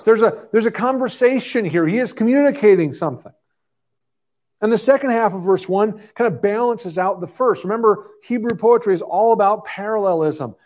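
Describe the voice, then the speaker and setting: A man's voice: high voice, darkish tone. A man preaching an expository sermon, earnest and conversational, often restarting his phrases. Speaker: pastor.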